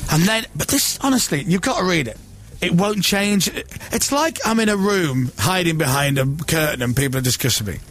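Brief: male radio host in his 40s, fairly high voice, lively self-mocking storyteller, faint music under him. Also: moderate pace. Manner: self-deprecating, animated storytelling with acted-out quotes. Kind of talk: casual on-air chat.

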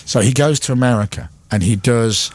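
A man's voice: medium pitch, fairly quick, darkish tone, dry recording. A man with a Leeds accent hosting a radio show, telling stories and mimicking crowds and presenters. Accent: Northern English, Leeds. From Leeds, England. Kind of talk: casual radio chat.

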